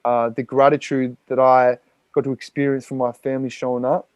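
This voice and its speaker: A man's voice: medium pitch, little pitch movement, brisk, smooth, dry recording. Blunt, swearing Australian man telling his story. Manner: raw, profane, rambling with many fillers. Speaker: podcast guest. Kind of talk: candid personal storytelling.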